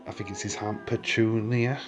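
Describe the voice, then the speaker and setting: A man's voice: on the low side, little pitch movement, normal speed. A man casually narrating a walking tour, rambling with fillers and restarts, chuckling often, recorded on a handheld camera mic. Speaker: vlogger touring a film studio. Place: outdoor and indoor studio tour sets.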